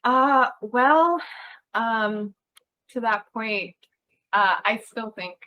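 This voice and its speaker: A woman's voice: fairly high pitch, lively intonation, drawn-out words, bright, forceful tone, muffled recording. A woman guest on a video call, chatting casually with lots of fillers and laughs. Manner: giggly, chatty with many fillers. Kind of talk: casual chat.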